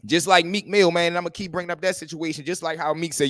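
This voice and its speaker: A man hosts a livestream story show in animated street talk. His voice sits fairly high for a man. The sound is close and dry. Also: fast, few pauses, no room sound. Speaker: host.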